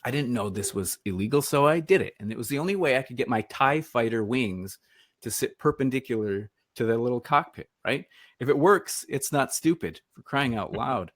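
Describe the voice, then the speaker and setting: A man's voice: medium pitch, animated, moderate pace, a bit bright, dry recording. A man from Michigan giving a casual online presentation, chatty and self-deprecating with rambling asides, over a computer microphone. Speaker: webinar presenter.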